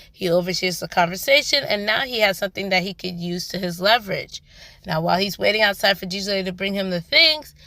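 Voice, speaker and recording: A woman recaps a drama episode in a casual, animated way, tossing in slangy side comments. Her voice is bright and forward, recorded close to the mic with a dry sound and no room around it. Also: a little high, no echo. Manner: chatty, animated, slangy asides. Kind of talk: casual spoken review.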